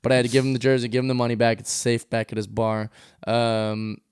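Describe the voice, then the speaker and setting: A comedian guest on a podcast, casually telling a story and acting out the people in it. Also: male voice, medium pitch, fast, smooth, no echo, clean studio sound. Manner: animated, acts out quoted voices.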